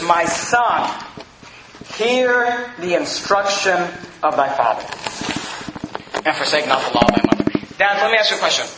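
A man preaching a sermon as pastor, shouting at the peaks and dropping to quick asides. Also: a little high. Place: church sanctuary. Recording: echoey hall, noisy.

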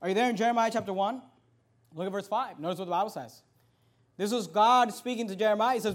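A pastor preaching a sermon shifts from conversational storytelling into forceful, raised-voice preaching. He is male, with a high voice and a quick pace.

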